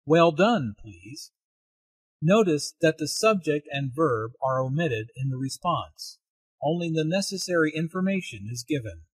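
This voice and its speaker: Male lesson narrator: slightly high, husky voice, dry studio sound, deliberate explanations. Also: lively intonation, no echo. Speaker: English teacher.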